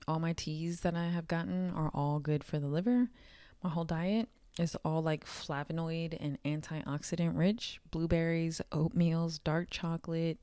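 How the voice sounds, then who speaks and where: A woman's voice: low voice, darkish tone, clear, resonant tone, no echo, studio quality. A woman talking candidly to camera in a casual vlog, swearing now and then and laughing often. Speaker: vlogger.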